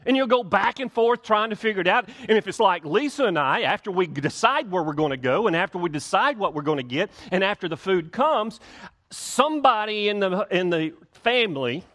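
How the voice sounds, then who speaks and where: A man's voice: sits high, lively intonation, a little fast, a bit bright. A middle-aged male pastor preaching a conversational sermon, acting out little everyday dialogues to make his points.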